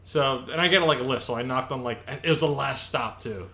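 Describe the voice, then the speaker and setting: Bright-voiced man telling stories, laughing. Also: mid-range voice, brisk, gravelly. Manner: laughs often, many fillers. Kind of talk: casual chat and storytelling.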